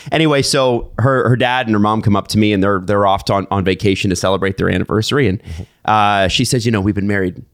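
A man's voice: fairly low pitch, quick pace, clean tone. A man in his thirties hosting a casual podcast chat, telling stories and laughing often. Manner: expressive, laughs through stories. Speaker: podcast host.

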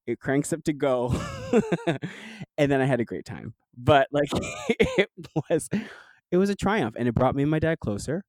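A man from New Jersey with a voice on the high side speaks at a moderate pace, recorded dry and rough. As a guest in a casual interview, he animatedly tells childhood stories, laughing often and filling with "like."

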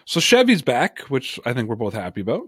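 A man's voice: mid-range voice, huge pitch swings, a little fast, fairly bright tone, breathy edge, no room sound, clean studio sound. A man hosting a sports podcast, talking emphatically and at length in casual chat. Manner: emphatic, talkative, reads chat comments aloud. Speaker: podcast host.

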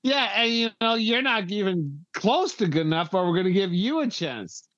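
A man co-hosting a casual sports podcast, talking in an excitable, profane way and never slowing down. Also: sits high, no room sound, lo-fi sound. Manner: excitable, profane, says he can't talk slowly. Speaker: podcast co-host.

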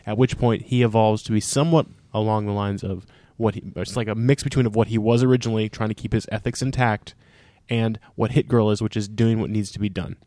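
A man's voice: on the low side, fairly even intonation, fast talker, few pauses, dark tone, no room sound. A man in casual podcast chat, earnestly arguing his point about a comic book. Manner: earnest, defends his view.

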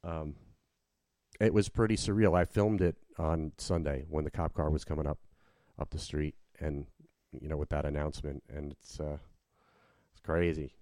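A man with a deep voice talks in a loose, rambling way, circling back and restarting his sentences. His tone is dark and mellow, and the recording is dry and close, with no room sound. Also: steady tone, moderate pace, dry recording. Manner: rambling, with many restarts and fillers. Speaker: podcast host and working cover-band musician. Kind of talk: casual conversation.

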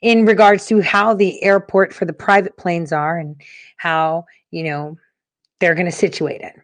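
A woman's voice: fairly low pitch, fairly even intonation, a little slow, no room sound. A woman host giving casual commentary in a conversational, hesitant way with many fillers.

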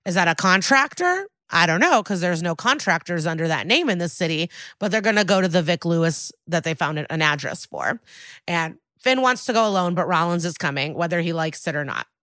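Bright, chatty woman podcast host. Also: on the low side, brisk, no room sound, studio quality. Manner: chatty, quotes characters in lively bursts. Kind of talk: casual episode recap.

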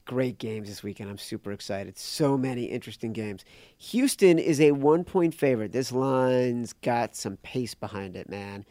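A man's voice: mid-range voice, lively intonation, moderate pace, dark tone, dry recording. A man co-hosting a sports betting podcast with a dry, teasing, sarcastic manner. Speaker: podcast co-host. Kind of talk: casual betting podcast chat.

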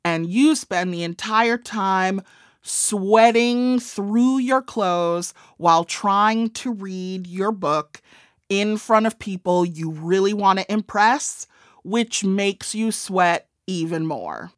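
Midwestern woman in her 40s, slow easy talk, wry and self-mocking, dead dry sound. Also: mid-range voice, animated, no room sound. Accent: Midwestern American. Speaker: author and comedian. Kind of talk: casual interview chat.

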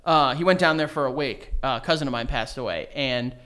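A man's voice: medium pitch, fairly quick, clear, resonant tone. A young man, co-hosting a podcast in casual comedic chat, telling crude stories with lots of laughter. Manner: crude, animated storytelling with laughs. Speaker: podcast co-host.

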